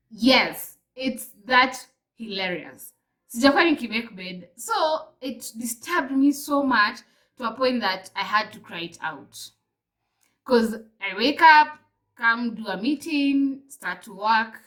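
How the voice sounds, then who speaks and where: A young woman with a Kenyan accent chatting to camera in a casual vlog, telling stories in an animated way and slipping between English and Swahili. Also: medium pitch, low-quality recording. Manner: animated storyteller, mixes in fillers. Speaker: vlogger.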